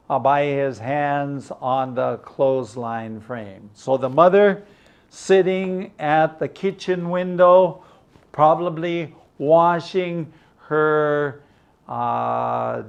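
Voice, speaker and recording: A man's voice: a little high, smooth, muffled recording. An older man teaching an English lesson, patiently explaining words and checking understanding.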